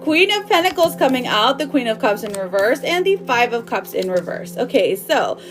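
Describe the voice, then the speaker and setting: A woman's voice: fairly high pitch, sing-song, normal speed, music in the background. A woman doing a live tarot reading for viewers, bubbly and affectionate, chatting loosely with lots of fillers and laughs. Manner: affectionate, calls viewers girl and my love. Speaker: tarot reader.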